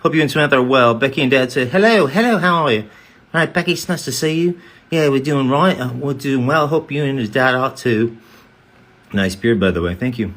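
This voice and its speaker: A man's voice: medium pitch, fairly bright tone. A man chatting casually on a live stream, reading fan comments aloud and answering them one by one. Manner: reads comments aloud, answers chattily, breaks into quick character voices. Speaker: voice actor hosting a live fan Q&A.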